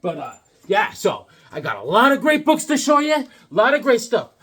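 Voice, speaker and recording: Husky, animated comic-book vlogger man. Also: extremely high pitch, moderate pace. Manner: joking, rambling, animated riffing. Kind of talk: comedic casual monologue.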